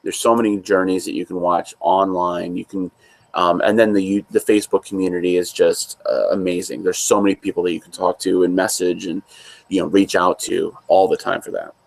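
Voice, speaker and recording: A man's voice: sits low, little pitch movement, fairly quick, vocal fry. A man co-hosting a casual chat, talking in an easygoing, rambling way. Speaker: co-host.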